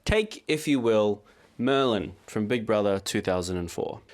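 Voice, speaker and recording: A man reads scripted commentary with deadpan, sarcastic humor. His voice sits somewhat low and stays steady and conversational throughout. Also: measured pace. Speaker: video essay creator.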